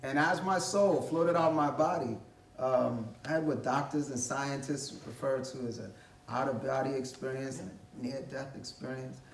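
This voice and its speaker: A man's voice: medium pitch, steady tone, normal speed, a little hiss or hum. A man giving a talk as a guest speaker, telling a personal story in a vivid, conversational way and acting out the voices he quotes. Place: college library event space. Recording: echoey room, distant mic, faint ambience.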